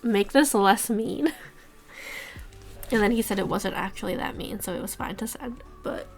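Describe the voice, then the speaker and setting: A woman's voice: mid-range voice, steady tone, normal speed, gravelly, husky, faint music behind. A woman in her thirties, a streamer chatting casually while she edits, ranting and swearing as she tells work stories. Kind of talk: casual chat while editing.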